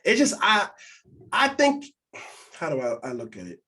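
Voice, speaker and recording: A man's voice: high voice, wildly swooping pitch, normal speed, sharp tone. A man co-hosting a casual podcast, telling candid stories and acting out quotes in other voices. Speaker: podcast co-host.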